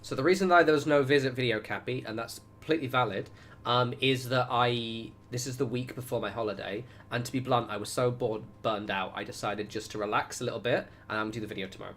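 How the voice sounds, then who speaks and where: There's slight background noise as this Wiltshire-born streamer, Southern English accent and all, chats and rambles through his gameplay livestream. His mid-range voice is quick and a bit bright, and he reacts aloud and swears every so often.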